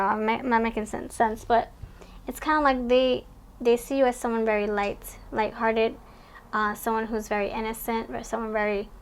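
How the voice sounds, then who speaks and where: A woman with a slightly high voice gives a casual tarot reading straight to camera. She talks in a chatty, rambling way, correcting herself and laughing at her own cards as she goes. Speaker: tarot reader.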